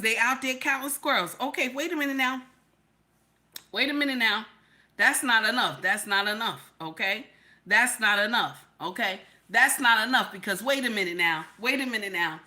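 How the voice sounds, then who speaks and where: A woman reacting on a livestream in animated, exclamatory talk, repeating "okay?" often. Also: fairly high pitch, unhurried. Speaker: livestream host. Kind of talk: casual reaction commentary.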